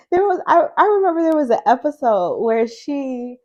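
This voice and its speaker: A woman's voice: on the high side, big pitch swings, normal speed, dull audio. A woman vlogger chatting casually and rambling as she reviews tarot decks, laughing often and restarting her sentences. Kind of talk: chatty casual video response.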